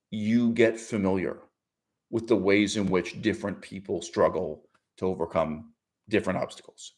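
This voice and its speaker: On his own channel, a man delivers an argumentative, opinionated monologue full of emphatic stresses. His pitch jumps suddenly, he slips in mock quotes, and his speech is dotted with restarts, fillers and short laughs.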